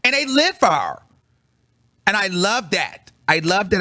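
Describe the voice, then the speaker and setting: A man with a higher-than-usual voice recounts a story to his viewers in casual, slangy chat. His delivery is animated, dropping to low mutters and then jumping to high, excited bursts. The sound is close and dry, with no room echo. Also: a little slow. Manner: slangy, calls the audience girl. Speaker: vlogger reviewing a concert.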